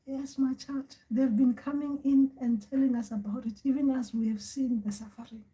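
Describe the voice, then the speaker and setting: A woman voicing an elderly great-great-grandmother ancestor spirit who speaks softly and haltingly, half in a whisper. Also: high-pitched, fairly even intonation, natural voice, rough recording. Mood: hushed.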